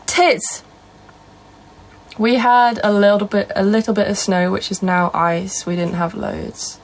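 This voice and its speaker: A woman's voice: medium pitch, level tone, normal speed, a little hiss or hum, low-quality recording. A young woman with a Northern English accent, casually chatting on a live stream and answering viewer comments. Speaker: livestreamer.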